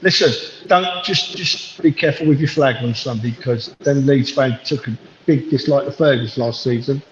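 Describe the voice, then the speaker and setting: A man's voice: mid-range voice, normal speed, slight background noise. Guy calling in on his phone from a train platform, affectionate, long goodbyes, echoey and muffled. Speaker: caller. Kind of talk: casual chat.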